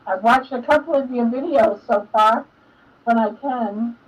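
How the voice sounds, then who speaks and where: An older woman hosts a live stream, chatting casually and emotionally with frequent laughter. Her voice is fairly high and slightly rough, and she speaks at a measured pace. The recording sounds dull and lo-fi, with her far from the mic.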